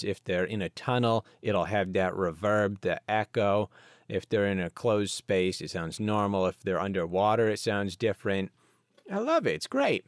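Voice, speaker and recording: Guy rambling on his podcast, kinda low voice, smooth, dry close mic. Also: dry recording. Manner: rambling, wandering asides. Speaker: podcast host. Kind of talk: casual solo podcast talk.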